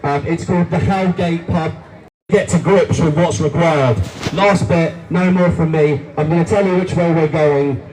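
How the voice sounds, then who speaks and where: A man's voice: on the high side, steady tone, moderate pace. A man giving a rousing political rally speech, repeating lines and calling the crowd guys. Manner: forceful, repetitive, rousing, addresses crowd as guys. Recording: distant voice with faint crowd noise.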